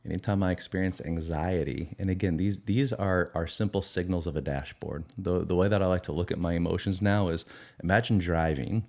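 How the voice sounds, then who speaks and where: Deep-voiced earnest man reflecting. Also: fairly quick, a little mellow. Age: middle-aged. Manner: earnest, reflective, acts out inner dialogue in raised voices. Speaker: guest, addiction recovery expert. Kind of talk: conversational interview answers.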